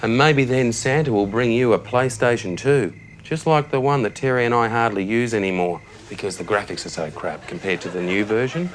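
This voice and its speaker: An actor with an Australian accent plays a blithely tactless, cheerful and careless middle-aged suburban dad tucking his son into bed at night, breezily chummy and calling the boy mate. It's TV sketch comedy on a set, and his mid-range voice is fairly quick and lightly acted, with slight background noise.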